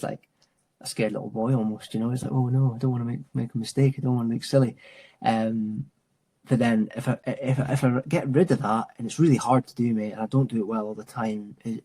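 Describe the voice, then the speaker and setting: A man's voice: mid-range voice, steady tone, fairly quick, mellow, slightly rough. A man in his thirties, an outdoor instructor, talking casually and reflectively in an interview, saying "mate" a lot. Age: 30s. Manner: chatty, says "mate" often, restarts and fillers. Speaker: mountain and adventure training instructor.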